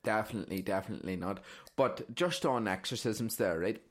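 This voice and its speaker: A podcast co-host with a lowish voice talks fairly quickly, telling rambling stories in a casual chat. He swears and keeps tacking "right?" onto his sentences.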